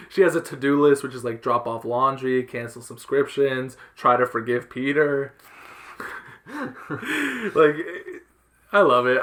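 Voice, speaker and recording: A man's voice: mid-range voice, fairly bright tone. A young man hosting a casual comic book podcast, retelling a story in a loose, rambling way with plenty of fillers. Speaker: podcast host. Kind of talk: casual chat.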